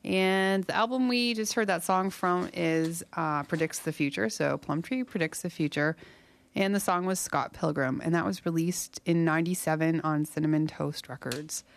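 Woman radio DJ, rambling casual chat, gravelly low voice, slightly breathless, dry studio mic. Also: normal speed, dry recording. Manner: chatty and rambling, self-correcting, laughing at herself. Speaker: campus radio DJ. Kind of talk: casual on-air chat between songs. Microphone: studio microphone.

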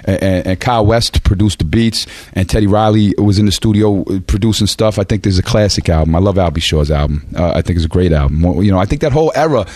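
A man's voice: deep voice, quick pace, few pauses, darkish tone, dry recording. A man being interviewed as a rapper, telling rambling, profane stories and often laughing as he talks. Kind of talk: casual storytelling in an interview.

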